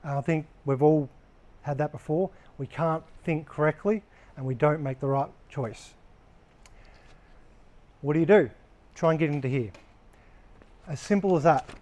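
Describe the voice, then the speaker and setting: A man's voice: fairly high pitch, measured pace, pauses often, darkish tone. A man giving a casual training talk to a live group of workers, blunt and conversational, swearing freely as he explains. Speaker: workplace trainer.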